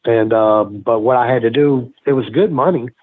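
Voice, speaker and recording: A middle-aged man spins brash, profanity-laced anecdotes in a loose, rambling way, often breaking into quick laughs. His voice is husky and a little rough. The sound is thin and tinny, as if it is coming through a phone line. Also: medium pitch. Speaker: guest, former pro wrestler. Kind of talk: casual storytelling interview.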